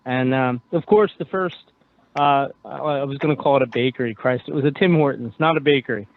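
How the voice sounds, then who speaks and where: A man's voice: mid-range voice, brisk. A man from Philadelphia hosting a radio call-in panel, chatting casually and laughing easily. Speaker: radio show host. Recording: tinny phone line with faint noise.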